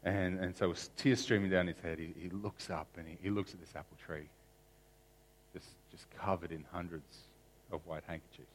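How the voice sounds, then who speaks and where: Deep-voiced earnest male preacher. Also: fairly even intonation, moderate pace, a little hiss or hum. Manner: earnest, often repeats words as he restarts. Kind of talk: sermon story and spoken prayer.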